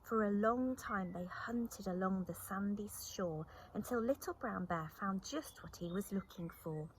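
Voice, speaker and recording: A woman reading a children's story aloud, expressive and animated, often dropping to a whisper. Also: medium pitch, measured pace, slight background noise, rough recording.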